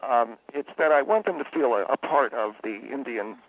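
On a comedic radio phone-in, a man calls in as a spa owner and rambles, stammering and correcting himself as he talks. His mid-range voice moves at normal speed over a tinny telephone line.

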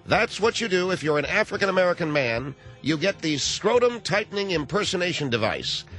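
A boastful caller hawks a silly gadget in a loud, salesy patter, played by a man. He bounces between voices and sits a little high. A music bed plays beneath him. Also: poor audio. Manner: brash comic pitchman, switches voices. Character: fake male caller pitching a voice gadget. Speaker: put-on caller.

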